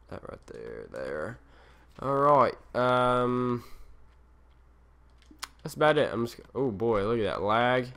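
A man's voice: medium pitch, a bit bright, smooth. A young man narrating his own game as he plays, in rambling, self-mocking commentary that drifts from one thing to the next. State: tired. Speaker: gaming channel host. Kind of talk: Let's Play commentary.

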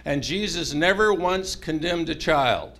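A man's voice: on the high side, a little slow. A man preaching a humorous mini-sermon to a chapel congregation, telling stories animatedly with voices. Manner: animated, jokey storytelling with voices.

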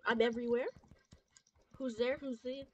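A woman giving excitable, trash-talking commentary while she plays a boxing game against a friend. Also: on the high side, moderate pace, highs cut off. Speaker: gamer. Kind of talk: gameplay commentary.

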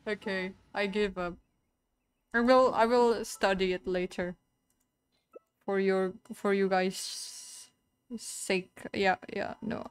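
A woman's voice: mid-range voice, fairly even intonation, slow pace, clean tone. A young woman streaming a video game, chatting casually with her viewers, playful and giggling at her own wordplay. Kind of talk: casual live-stream chat while gaming.

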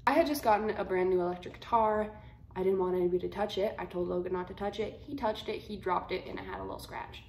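A twenty-year-old woman vlogging, telling a story to camera in a blunt, slangy, animated way. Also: medium pitch, fast. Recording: roomy echo, faint room hum.

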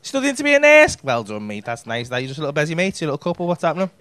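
A man's voice: a little high, wildly swooping pitch, racing, fairly bright tone. A man doing crude, teasing crowd work as a stand-up comedian on a comedy club stage. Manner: brash, crude, teasing banter with constant swearing.

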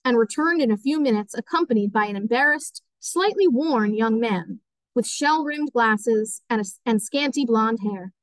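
Teacher lady reading an audiobook, steady, kinda high voice, dry close sound. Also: normal speed, no room sound, rough recording. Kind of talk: audiobook narration.

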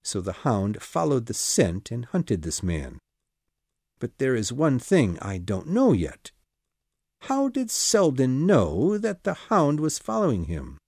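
A man voicing an urgent, commanding middle-aged male detective in an audiobook, with brisk exclamations and reasoning. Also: medium pitch, wildly swooping pitch, darkish tone, husky, dry recording, studio quality, full character voice. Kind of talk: audiobook character reading.

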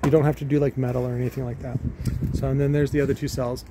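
A man hosting a casual product unboxing video, rambling and thinking out loud with plenty of fillers as he shows off gear. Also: mid-range voice, flat delivery, quick pace, noisy background. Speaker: car audio shop owner and video host.

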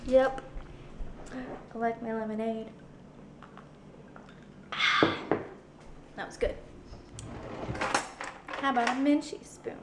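Slow-talking teen girl vlogging at home. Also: on the high side, steady tone, background noise. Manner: chatty, narrating what she does. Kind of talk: casual home vlog. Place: home kitchen, indoors. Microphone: handheld camera.

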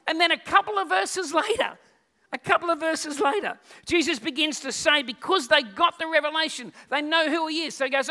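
Man, middle-aged, pastor, animated sermon, voices Bible characters. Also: extremely high pitch. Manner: animated, acts out Bible figures in quick voices.

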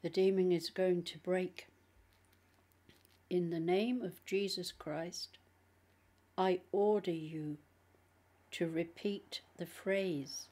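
A woman reading an audiobook voices a solemn male priest, slowly intoning commands and prayers. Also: lowish voice, steady tone, mellow. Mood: commanding.

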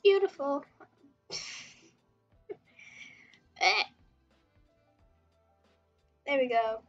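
High-voiced chatty woman streamer. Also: lively intonation, extremely slow, dull audio, soft background music. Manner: chatty, rambling, reacting to chat, giggly. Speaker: webtoon artist streamer. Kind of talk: casual livestream chat while drawing.

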